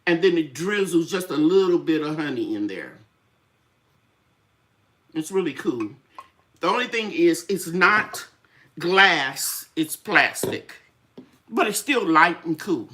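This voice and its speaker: A woman's voice: deep voice, lively intonation, slow, long pauses, a bit bright. An older woman hosting a casual live-stream chat about her garden, chatty and full of stories, a little tired with draining sinuses. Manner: chatty, storytelling, acts out quoted voices. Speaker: gardening channel host.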